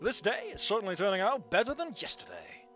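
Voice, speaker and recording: A streamer reading a visual novel aloud and commenting along with it, with animated, jokey reactions and loud squeals. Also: medium pitch, a little fast, faint music behind.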